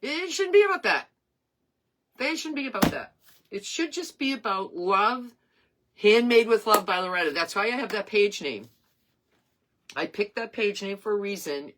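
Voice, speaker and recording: A woman's voice: medium pitch, fairly bright tone. A woman in her sixties hosting her craft page live, chatting in a rambling, earnest and emotional way. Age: 60s. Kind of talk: casual live-stream chat.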